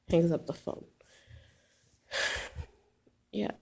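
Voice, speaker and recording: A woman's voice: fairly low pitch, steady tone, slow, vocal fry, pauses often, slightly rough. A woman casually telling a personal story, rambling with many fillers and restarts.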